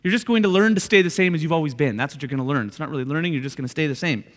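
A man with a notably high voice preaches in a church hall, and his words ring out with a long reverb. He keeps it conversational, circling back on his points and tossing in "right?" to check the room. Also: very fast, fairly bright tone. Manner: conversational, repeats points with frequent "right?" asides. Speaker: pastor. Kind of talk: sermon.

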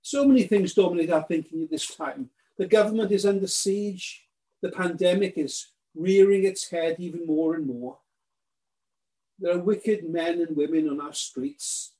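High-pitched, mellow-voiced preacher. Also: male voice, low-quality recording. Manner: earnest, emphatic with slow stressed phrases. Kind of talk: sermon.

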